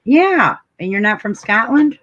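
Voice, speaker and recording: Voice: medium pitch, very animated, measured pace, lo-fi sound, a crowd in the background. A co-host on a casual stream, curious and asking many questions in a drawling way.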